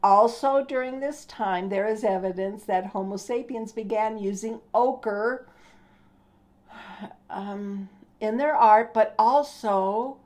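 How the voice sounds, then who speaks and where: Older female host, slow mellow delivery, casual explainer, trips over names now and then. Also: mid-range voice. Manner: unhurried, stumbles over names. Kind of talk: casual science talk.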